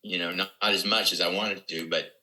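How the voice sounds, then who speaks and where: A man's voice: low-pitched, steady tone, fairly quick, pushed and bright, low-quality recording. A man in his seventies, a comedian guest telling rambling anecdotes in casual podcast talk. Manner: rambling anecdotes with quoted dialogue.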